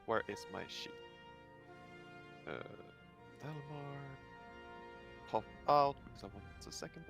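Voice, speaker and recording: A man's voice: medium pitch, slow pace, gravelly, over music. A man from Sweden playing a tabletop role-playing game, asking hesitant rules questions in casual chat. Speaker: player.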